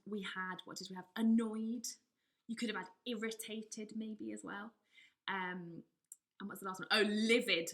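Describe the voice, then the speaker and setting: Lively, bright-voiced woman teaching drama. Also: on the high side, low-quality recording. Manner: lively, coaxing teacher talk with loud acted outbursts. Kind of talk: children's drama lesson. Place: at home.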